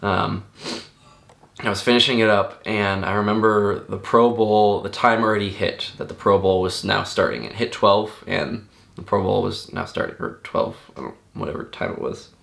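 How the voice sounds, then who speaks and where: A young man with a very low voice and a gravelly fry tells a personal memory off the cuff. He talks in an earnest, halting way, often stopping and restarting his sentences. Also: steady tone, a bit bright. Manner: halting, many restarts and fillers; stunned, earnest. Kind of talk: personal recollection, unscripted.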